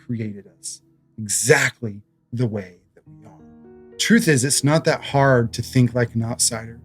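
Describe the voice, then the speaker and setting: A man's voice: medium pitch, measured pace, slightly rough, faint music behind. A man in his thirties preaching a sermon as pastor, in a conversational way, telling stories with humor.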